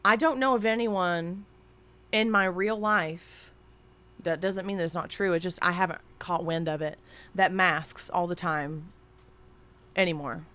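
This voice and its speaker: A woman's voice: fairly low pitch, steady tone, measured pace, bright, forceful tone. A woman streamer chatting casually and candidly into a desk microphone at home, rambling and swearing freely. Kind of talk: casual live-stream chat.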